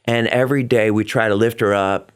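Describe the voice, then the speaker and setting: Excitable middle-aged man telling a story. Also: lowish voice, fairly quick, smooth. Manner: excitable, acts out quotes with big vocal swings; earnest and heartfelt. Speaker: guest, Broadway performer. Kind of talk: animated personal storytelling.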